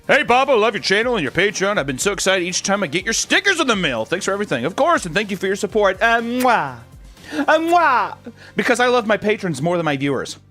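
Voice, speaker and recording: A young man chatting casually on stream as he reads fan messages, throwing in crude, sarcastic jokes. His voice sits a little high and swings up and down lively, with faint music underneath. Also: fast, few pauses. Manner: crude, joking, sarcastic asides. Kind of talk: casual chat.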